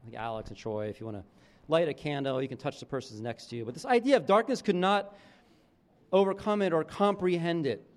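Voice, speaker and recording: A man preaching a sermon as pastor, talking casually with restarts, his phrases often dropping low and quiet at the end. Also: a little fast.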